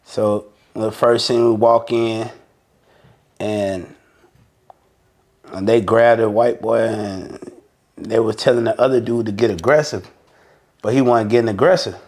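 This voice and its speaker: A man from Mobile with a Southern Alabama accent, guest on a podcast, telling a story in a casual, animated way and acting out the quotes with profane slang. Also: fairly low pitch, unhurried, long pauses.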